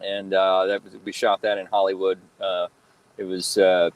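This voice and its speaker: A man in his thirties, a guest telling stories in a relaxed interview, rambling with lots of fillers and restarts. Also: deep voice, normal speed, smooth, low-quality recording. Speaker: guest, fan-film actor and cosplayer. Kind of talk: casual interview chat.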